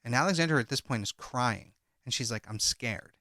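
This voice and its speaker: Bright-voiced man retelling a story. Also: mid-range voice, fairly quick, no room sound, clean studio sound. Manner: recounts a transcript, reading out each speaker's lines in turn. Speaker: podcast co-host. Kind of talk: true crime podcast retelling.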